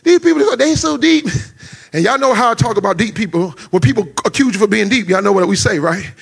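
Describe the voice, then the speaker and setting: A male preacher telling a personal testimony in a dramatic, storytelling way, building to shouts. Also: sits high, animated, brisk, creaky, husky. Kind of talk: testimony sermon. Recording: music playing under the voice.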